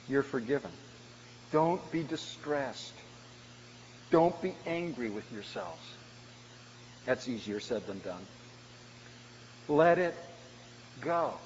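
A man preaching a sermon as a pastor, swinging from loud emphatic lines to hushed, quiet ones. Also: on the high side. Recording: dull, lo-fi church recording with long reverb and faint noise.

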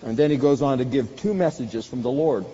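A man's voice: mid-range voice, brisk, mellow, slight background noise. A man preaching a sermon, with dramatic bursts when he acts out quoted lines. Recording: dull sound with long hall reverb.

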